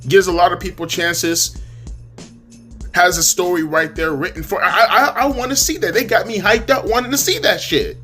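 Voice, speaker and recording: A man's voice: high-pitched, normal speed, over music. A man ranting heatedly in a profane, exasperated commentary monologue, repeating words as he talks. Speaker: wrestling commentary youtuber.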